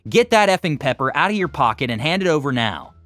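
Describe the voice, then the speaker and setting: A man's voice: fairly high pitch, big pitch swings, fast, a bit bright, soft background music. A man voicing a belligerent middle-aged man in his fifties who barks and snarls, in a narrated story. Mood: angry shouting. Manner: barking, snarling.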